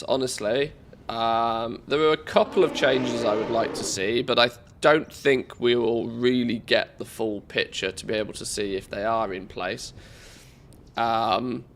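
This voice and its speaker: Man, congested from a cold, casual game-stream chat, rambling with fillers, mid-pitched. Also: creaky, fairly bright tone. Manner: rambling, many fillers and restarts.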